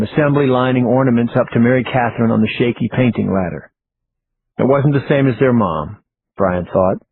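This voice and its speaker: Guy reading a thriller audiobook, mid pitch, tinny phone-like sound, bit of hiss. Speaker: audiobook narrator. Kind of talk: scripted audiobook narration.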